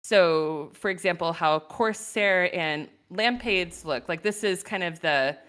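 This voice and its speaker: Chatty woman with a low voice. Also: slow pace, a bit bright, smooth. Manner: thoughtful, laughs often, many "um"s. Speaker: guest artist. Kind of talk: casual livestream chat.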